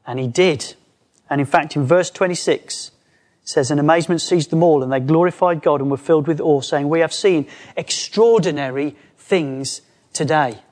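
A man preaching a conversational sermon, lively, acting out quoted voices as he goes. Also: a little high, normal speed.

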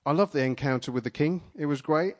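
A man preaching a sermon, retelling a vision in the first person, dramatic at first and then playful and energetic with volunteers in front of a live congregation. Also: a little high, fast. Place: church gathering with a live audience.

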